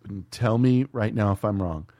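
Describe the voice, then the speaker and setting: A man's voice: on the low side, normal speed, mellow, no echo. A man co-hosting a podcast, chatting casually and profanely about a movie and dropping into comic put-on voices. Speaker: podcast co-host. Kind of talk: casual movie commentary chat.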